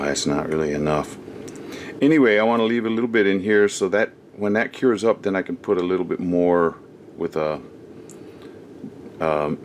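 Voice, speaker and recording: Man chatting low through a craft demo. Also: a little hiss or hum. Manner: chatty and rambling, thinking aloud with many ums and uhs. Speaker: craft channel host. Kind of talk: casual how-to craft narration.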